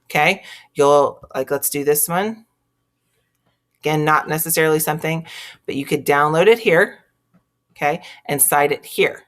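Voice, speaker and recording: A woman's voice: low voice, normal speed, long pauses. A woman with a Texas accent teaching a screen-recorded tutorial, chatting step by step through each click. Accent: Texan.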